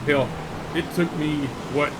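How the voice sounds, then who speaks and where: A middle-aged man hosting a gaming show, telling stories in a folksy, animated way between laughs. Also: on the high side, slow pace, noisy background. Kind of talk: casual storytelling while streaming a game.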